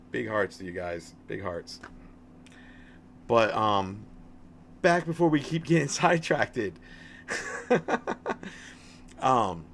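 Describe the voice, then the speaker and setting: With slight background noise behind him, a man in his thirties speaks in a mid-range, slightly bright voice. He chats about a game on his live stream, friendly and meandering, often starting his words over.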